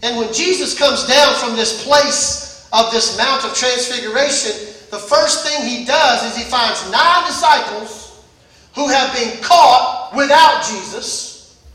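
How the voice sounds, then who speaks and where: A pastor preaching a Sunday sermon with emphasis, repeating phrases and building up to shouts. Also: mid-range voice, slow pace. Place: church service. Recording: echoey church from far off.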